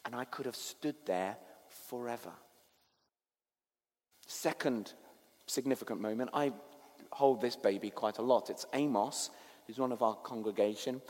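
A man preaching a sermon as pastor, telling a story that swings between hushed and animated. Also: medium pitch, a little slow, long pauses, in a large hall.

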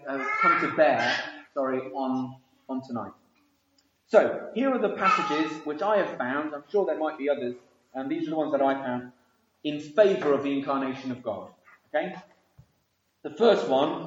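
A man's voice: a little high, a little hiss or hum. A man teaching an evening Bible study, explaining at length and thinking aloud with frequent ums and restarts. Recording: very echoey room, dull lo-fi sound.

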